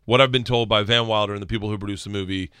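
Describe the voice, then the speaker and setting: A middle-aged man telling a comic story on a podcast, loud and laughing, acting out the voices of the people in it. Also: on the low side, fairly even intonation, very fast, clear, resonant tone, no echo, studio quality. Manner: loud, laughing, acts out voices in his stories. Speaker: stand-up comedian guest.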